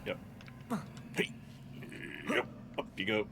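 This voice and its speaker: A man's voice: takes it slowly, noisy background. A man casually commenting on his gameplay in a wry, offhand way, often muttering to himself. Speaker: streamer. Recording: game music loud underneath.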